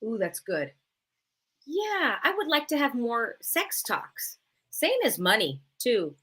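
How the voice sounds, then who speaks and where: A woman's voice: fairly high pitch, slow pace, husky. A woman hosting a live podcast conversation, affirming her guests and asking them questions. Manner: lively, affirming, asks questions. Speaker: podcast host.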